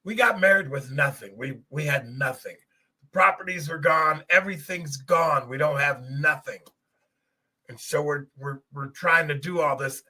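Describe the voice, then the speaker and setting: A middle-aged man hosts a podcast and tells a personal testimony straight to his listeners. His voice sits a little high, very bright and husky, and his delivery is earnest and emotional. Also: normal speed. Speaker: podcast host.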